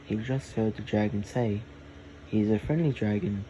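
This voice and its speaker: A man improvising a fantasy story, talking slowly and haltingly in short phrases. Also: fairly low pitch, fairly even intonation, mellow, a little hiss or hum, low-quality recording.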